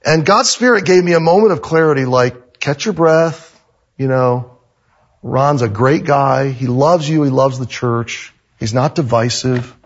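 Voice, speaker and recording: A man's voice: mid-range voice, a little slow. A male pastor preaching a sermon, telling stories animatedly and acting out the dialogue on a slightly muffled recording. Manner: animated storytelling, acts out dialogue.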